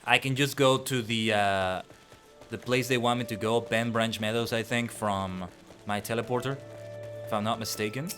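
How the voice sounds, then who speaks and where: A man's voice: lowish voice, fairly even intonation, normal speed, fairly bright tone. Game streamer, male, rambling and tripping on words, music bed. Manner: chatty, stumbles over words. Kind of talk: casual gameplay commentary.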